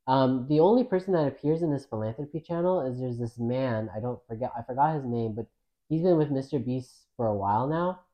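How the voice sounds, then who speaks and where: A man co-hosting a casual podcast chat, relaxed and thoughtful, gently pushing back on points. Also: mid-range voice, fairly quick, highs cut off.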